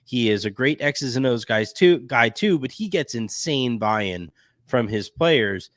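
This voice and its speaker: A man's voice: medium pitch, lively intonation, unhurried, no echo. Guy hosting a hoops podcast, rambly, lots of likes and restarts, dry close mic. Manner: rambling, many restarts and fillers. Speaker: podcast host. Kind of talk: casual chat.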